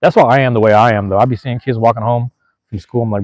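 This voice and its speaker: Fast-talking laid-back podcast host man. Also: medium pitch, steady tone, darkish tone, no echo. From Seattle. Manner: laid-back, profane, slangy. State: out of breath. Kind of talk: casual storytelling.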